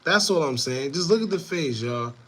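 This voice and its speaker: Animated man talking to viewers. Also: a little high, moderate pace. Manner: animated, repetitive, laughing asides. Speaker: show host. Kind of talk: casual commentary to viewers.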